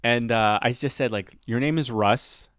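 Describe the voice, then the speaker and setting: A man hosting a podcast, telling a lively casual story about the class he teaches, laughing often and acting out the voices of the people he quotes. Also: medium pitch, normal speed, smooth, dry recording, studio quality. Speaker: podcast host.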